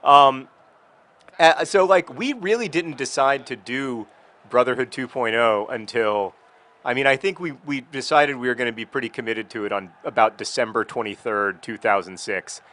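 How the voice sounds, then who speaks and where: A man's voice: medium pitch, normal speed, sharp tone. A man chatting casually about his past while playing a video game, rambling and breaking off into frustrated outbursts at the game. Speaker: video blogger.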